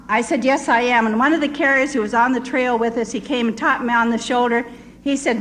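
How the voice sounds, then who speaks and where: Older lady missionary telling a story, earnest and vivid, voice a bit high. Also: fairly even intonation, brisk, a bit bright, rough recording. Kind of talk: storytelling testimony.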